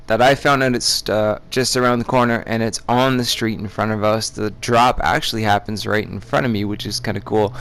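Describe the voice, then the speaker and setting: A man's voice: on the low side, steady tone, fairly quick, hardly any pauses, a bit bright, smooth. A young man hosting a gaming channel, talking casually over his gameplay in a chatty, rambling way.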